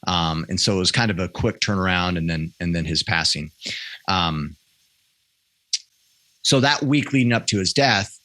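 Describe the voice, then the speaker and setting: A man in his thirties speaks as a podcast guest, candid and earnest, circling back and restarting his sentences as he tells a personal story. His voice sits a little low but has a bright, forward edge. The sound is close and dry, with no room around it. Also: normal speed, long pauses, no room sound. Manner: earnest, self-correcting storyteller with frequent restarts. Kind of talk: candid conversational interview.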